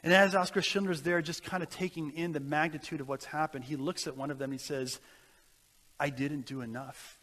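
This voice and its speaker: A man's voice: fairly high pitch, steady tone, quick pace, hardly any pauses, a bit bright, big-room sound. A man delivering an earnest, exhorting sermon as a guest speaker in a church, telling stories and ending in prayer.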